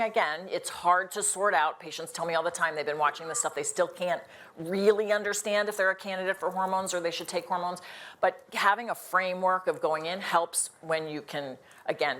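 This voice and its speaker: A woman's voice: lowish voice, a bit bright. A middle-aged woman internist speaking earnestly on a live panel, with frequent restarts. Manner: earnest, fast-talking, with many restarts and "again".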